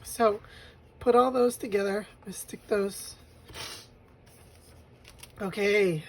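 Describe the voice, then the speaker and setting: A woman's voice: medium pitch, steady tone, slow pace, pauses often, a little hiss or hum, rough recording. A woman vlogger telling an emotional personal story while crafting a journal page, tearful at times and laughing as she remembers. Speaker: vlogger making a grief journal.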